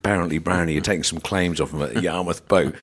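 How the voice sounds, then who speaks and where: Casting: middle-aged English man, low voice, animated podcast storyteller. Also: quick pace, breathy edge. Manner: animated anecdotes, acts out voices. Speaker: podcast guest. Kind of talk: casual storytelling chat.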